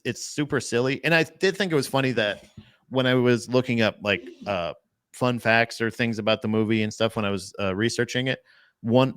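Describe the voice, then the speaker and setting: A man's voice: lowish voice, a bit bright, clear, resonant tone, no room sound, studio quality. A young man co-hosting a podcast, rambling casually about a film with laughs and swearing. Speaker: podcast co-host.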